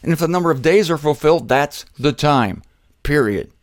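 A man teaching the Bible in an informal, conversational way, shifting between emphatic bursts and quiet asides and speaking straight to his listeners. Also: fairly high pitch, animated, normal speed, dry recording, studio quality. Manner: conversational, jokey, addresses listeners directly. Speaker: preacher.

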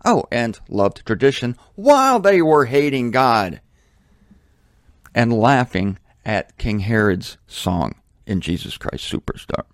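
A man's voice: medium pitch, very animated, takes it slowly, dry recording, studio quality. A man preaching a sermon on headphones in a blunt, indignant, emphatic way. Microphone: headphones on, close mic.

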